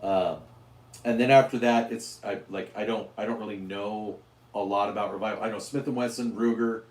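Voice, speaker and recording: A hoarse man hosting a casual livestream about guns, rambling with restarts as he answers viewers' chat. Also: on the low side, steady tone, normal speed, echoey room. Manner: rambling, with frequent restarts and fillers. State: hoarse, losing his voice. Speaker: gun channel host reading live chat.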